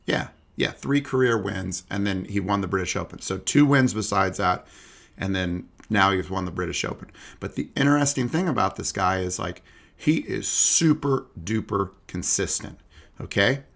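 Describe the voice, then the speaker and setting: Casual male podcast host, young adult, low gravelly voice, rambling chatty delivery. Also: expressive, moderate pace, a bit bright. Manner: loose, chatty, lots of fillers and asides. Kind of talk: casual golf podcast chat.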